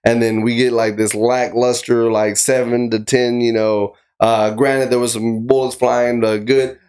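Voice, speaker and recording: A man's voice: medium pitch, little pitch movement, measured pace, a little mellow. Rambling man in casual podcast chat. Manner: rambling, many fillers like "you know what I mean". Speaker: podcast co-host.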